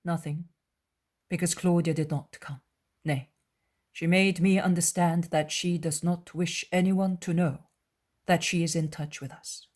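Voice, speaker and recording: A woman voicing a calm, wise male teacher who speaks in a measured, gentle and earnest way in a dramatized audiobook. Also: on the low side.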